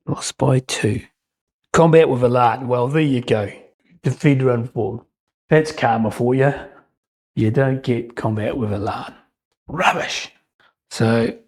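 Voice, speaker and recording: A man's voice: mid-range voice, darkish tone, rough recording. A man narrating a solo tabletop wargame battle report in a chatty way, with joking asides and frequent ums. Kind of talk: casual game commentary.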